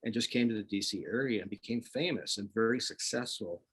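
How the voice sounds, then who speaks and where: A man in casual chat, an animated storyteller who laughs often, from the Washington DC area. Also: fairly low pitch, a little fast, husky. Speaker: guest.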